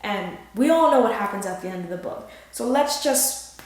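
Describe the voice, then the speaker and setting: A young woman with a high voice reacts to her reading in a casual vlog, dramatic and quick to swear. Her voice rings in a roomy space. Music plays underneath. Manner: dramatic, expressive, swears freely. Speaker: book vlogger. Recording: roomy echo with background music.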